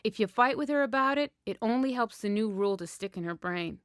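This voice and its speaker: A woman performs a first-person story in a frank, deadpan, wry manner. Her voice is fairly high, and the recording is close and dry. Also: brisk, no room sound.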